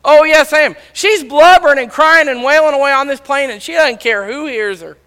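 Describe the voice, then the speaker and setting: A man preaching a sermon, loudly telling stories and acting out the dialogue. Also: extremely high pitch, brisk. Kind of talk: sermon storytelling. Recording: long reverb of a large hall.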